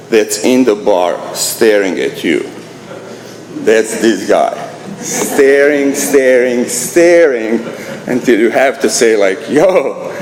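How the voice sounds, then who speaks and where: A middle-aged man from Croatia with a Croatian accent, telling his recovery story at a meeting in a blunt, profane, self-mocking way, restarting his sentences. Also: deep voice. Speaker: AA meeting speaker. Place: meeting hall. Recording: echoey hall with faint room noise.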